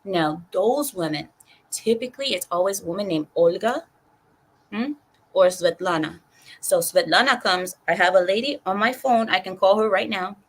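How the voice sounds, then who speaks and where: At a moderate pace and in a mid-range voice, a woman runs a casual livestream, reading chat comments aloud. She's chatty and rambling, laughing often.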